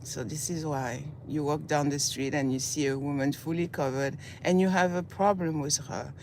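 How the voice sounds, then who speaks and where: A woman's voice: low voice, steady tone, moderate pace, darkish tone. A woman from Senegal, raised in France, speaks in an impassioned commentary vlog. She has a groggy morning voice and piles up her points in repeated lists as she heads to work. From born in Senegal, raised in southern France. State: groggy morning voice, just woke up. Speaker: vlogger. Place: outdoors on a city street, on her way to work. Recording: street traffic noise behind the voice.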